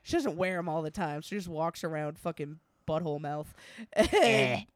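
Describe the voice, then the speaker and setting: A woman's voice: deep voice, lively intonation, moderate pace, dry recording, clean studio sound. A young woman co-hosting a podcast in casual chat, swearing freely and laughing often as she tells stories. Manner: swears a lot, laughs often, imitates her mother. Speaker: podcast co-host.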